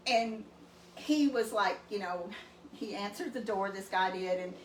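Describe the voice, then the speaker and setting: A woman's voice: medium pitch, measured pace. A woman from East Texas with a Southern accent, telling rambling, folksy family stories in casual chat. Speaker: cooking show co-host. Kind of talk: casual storytelling. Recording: echoey room, mic at a distance, faint noise.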